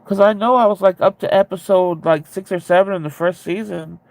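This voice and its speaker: A man chatting casually with viewers, rambling and candid, with a ready laugh and a gravelly voice. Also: high-pitched, steady tone, brisk, dry recording. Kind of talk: casual chat.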